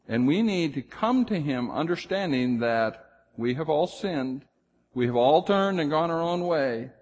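A pastor preaching a sermon with emphasis, rising loud on key phrases and dropping low and slow to drive points home. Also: male voice, expressive, big-room sound, muffled recording, slight background noise.

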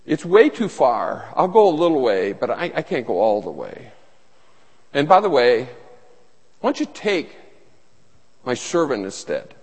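A man's voice: mid-range voice, wildly swooping pitch, measured pace, long pauses, a little mellow, exaggerated voice. A man voicing a weary, reluctant eighty-year-old man who pleads and backs away, in a reverberant hall. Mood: pleading. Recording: long reverb of a large hall.

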